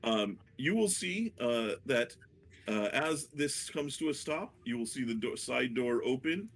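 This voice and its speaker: A man narrating a tabletop game as dungeon master, hesitant and full of fillers, with a gravelly voice. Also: medium pitch, expressive, unhurried. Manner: hesitant, many fillers and restarts.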